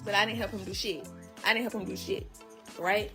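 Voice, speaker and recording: A woman's voice: mid-range voice, fairly even intonation, brisk, music in the background. A woman telling her story to viewers in a heated, blunt and profane way, casually addressing them directly. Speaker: vlogger recapping her relationship.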